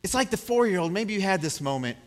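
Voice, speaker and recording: A man's voice: high voice, big pitch swings, fast talker, in a large hall. A man preaching a sermon, chatting with the congregation and acting out scenes as he talks. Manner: conversational, checks in with the congregation; acts out scenes with big swings in loudness. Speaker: pastor.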